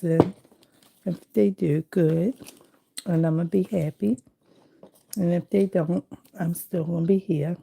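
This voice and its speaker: A woman hosting a casual livestream, chatting with viewers in a relaxed, rambling way while she collages. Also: fairly low pitch, vocal fry, a little hiss or hum. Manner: chatty and rambling, greeting viewers, many fillers. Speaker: livestream host. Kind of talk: casual live-stream chat while collaging.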